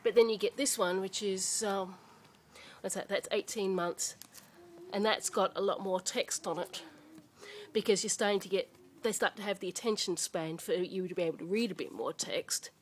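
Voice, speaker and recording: A woman's voice: mid-range voice, moderate pace, husky. A woman, a native English speaker, casually showing children's books at home to a camera mic, chatty and rambling with many fillers and restarts. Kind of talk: casual show-and-tell chat.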